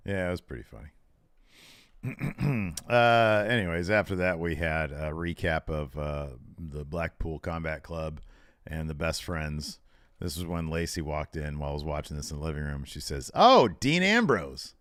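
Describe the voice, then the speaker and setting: A man's voice: a bass voice, steady tone, moderate pace, dry recording, clean studio sound. A man co-hosting a podcast, chatting casually, laughing often and telling stories animatedly. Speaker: podcast co-host. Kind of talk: casual chat.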